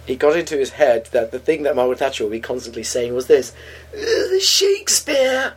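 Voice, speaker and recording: A podcast co-host, chatting casually in a deadpan, wry way. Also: mid-range voice, fast talker, slight background noise. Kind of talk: casual chat tasting beer.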